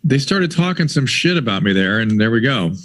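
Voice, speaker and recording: A man's voice: mid-range voice, very animated, fairly bright tone. Friendly man on a video call. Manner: friendly, self-deprecating, halting. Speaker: guest. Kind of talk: casual chat on a video call.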